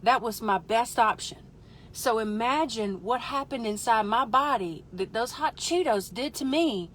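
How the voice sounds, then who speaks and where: A woman hosting a live stream, telling a comic story in an animated, exaggerated way with voiced asides. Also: on the high side, unhurried. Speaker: livestream host.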